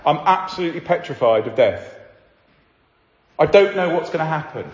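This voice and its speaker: A man's voice: a little high, animated, moderate pace, close to an everyday voice. A man voicing a frightened airplane passenger in a sermon story, speaking anxiously and hesitantly. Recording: echoey hall, slightly dull sound.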